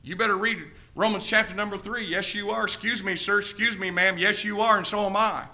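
A male pastor preaching a fiery sermon, emphatic, swinging between shouted passages and hushed ones. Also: sits high, fairly even intonation, brisk.

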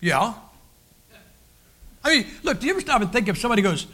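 High, bright-voiced older preacher man. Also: very animated, fairly quick. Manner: folksy, joking, rambling with restarts. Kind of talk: sermon with humorous stories.

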